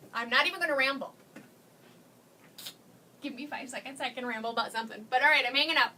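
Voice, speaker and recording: Chatty woman doing a live craft stream, high bouncy voice, bit far from the mic with faint hiss. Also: fast talker, pauses often, sharp tone. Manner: bubbly, gushing, chatty, laughs often. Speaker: craft seller hosting a live demo. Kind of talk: casual live-stream chat.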